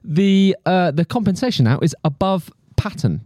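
Animated man, lively sweary chat. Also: high voice, moderate pace, dry recording, studio quality. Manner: animated, sweary, full of fillers and restarts. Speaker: actor and podcast co-host. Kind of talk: casual podcast chat.

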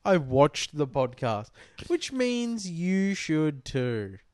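A young man co-hosting a podcast, tipsy, loud and rambling, swearing a lot in casual banter. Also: fairly high pitch, very animated, extremely slow, no room sound. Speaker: podcast co-host.

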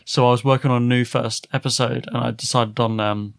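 Give me a man as podcast host, casual, chatty, a lot of ums, close dry sound, middle-pitched voice. He laughs easily between sentences and talks in an easygoing way. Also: little pitch movement, fairly quick, vocal fry, no room sound. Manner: chatty, laughs often, hesitant fillers. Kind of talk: casual chat.

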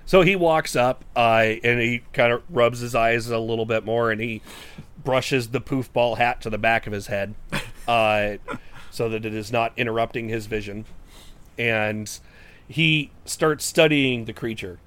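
A man's voice: mid-range voice, fairly even intonation, a bit bright, clear, resonant tone. Man narrating a tabletop game. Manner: unhurried, halting, full of fillers. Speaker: game master.

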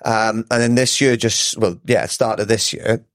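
A man's voice: fairly low pitch, unhurried, a bit bright, no echo. A man chatting casually as a podcast guest in a studio, rambling, swearing freely and laughing often. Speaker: podcast guest, ultra runner. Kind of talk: casual chat.

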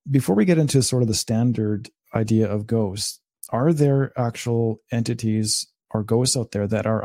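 A man's voice: on the low side, dark tone, no echo, clean studio sound. A man hosting an interview, asking rambling questions with restarts. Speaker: podcast host. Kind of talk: casual interview.

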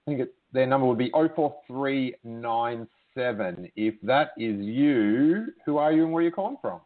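A man's voice: medium pitch, animated, normal speed. A man hosting a podcast and taking calls, teasing and playful in tone. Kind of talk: casual podcast chat. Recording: tinny phone-like sound.

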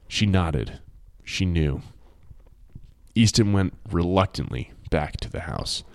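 Deep-voiced male audiobook narrator. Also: no room sound. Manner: measured, expressive storytelling.

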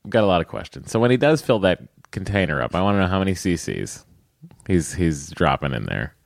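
A man from Massachusetts co-hosting a podcast, reading out a listener email and joking through it with laughs and deadpan asides. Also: low voice, brisk, vocal fry, no echo, studio quality. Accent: thick put-on Boston. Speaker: podcast co-host. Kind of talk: casual comedic chat, reading a listener email.

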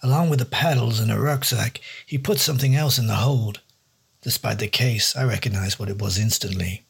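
A man reads a noir detective story in a dry, wry first-person voice. His voice is very husky and gravelly. His pitch sits in a middle range. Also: fairly quick. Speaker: storyteller and host. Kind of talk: hard-boiled noir audiobook narration.

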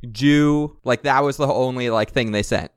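A man's voice: medium pitch, moderate pace, clean tone, dry recording, studio quality. A man co-hosting a podcast, chatting casually and wryly reading out listener messages. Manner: wry, joking, reads listener messages aloud. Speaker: podcast co-host.

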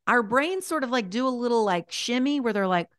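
A woman's voice: fairly high pitch, animated, a little fast, clear, resonant tone, no echo, clean studio sound. A woman talking as a podcast guest, chatty and encouraging, with lots of "like" and "you know" as she corrects herself mid-sentence. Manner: gentle and encouraging. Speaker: podcast guest giving life advice. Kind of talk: casual podcast conversation.

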